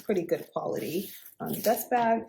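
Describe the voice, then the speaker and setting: Woman, fashion vlogger, casual storytelling, chatty, excitable, mid-pitched voice. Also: moderate pace, gravelly, background noise. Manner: chatty and excitable, acting out retold conversations. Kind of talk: casual storytelling unboxing vlog.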